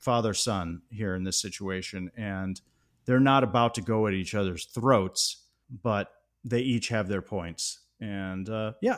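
A man co-hosting a podcast, talking through a film scene in a thoughtful, analytical way. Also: lowish voice. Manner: thoughtful, analytical, animated when praising. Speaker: podcast co-host. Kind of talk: casual film discussion.

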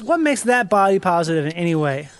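A man's voice: high voice, sing-song, quick pace. A man hosting a comedy podcast, chatting in a playful, teasing way. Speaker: podcast host. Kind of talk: casual comedic chat.

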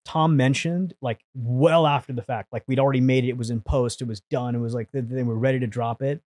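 Animated, swearing male storyteller, dry sound. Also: medium pitch, a little fast, no echo. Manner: animated, swears freely, acts out quotes. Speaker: podcast guest, producer. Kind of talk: casual storytelling.

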